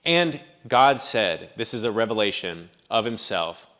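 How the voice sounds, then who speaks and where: A man's voice: fairly low pitch, big pitch swings, unhurried, fairly bright tone. A man preaching a sermon in a church, teaching in a conversational way with frequent asides and thinking aloud. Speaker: pastor.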